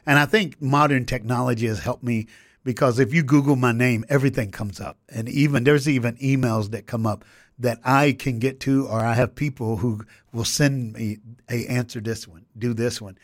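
A man's voice: medium pitch, no room sound. An American man, a motivational speaker, telling stories with acted-out quotes in a radio studio interview. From United States. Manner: fast, emphatic storytelling with acted-out quotes.

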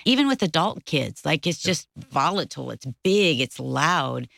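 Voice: medium pitch, big pitch swings, normal speed, gravelly, a bit bright, no room sound, studio quality. A podcast co-host asking the guest a follow-up question in a casual, engaged way. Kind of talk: casual interview chat.

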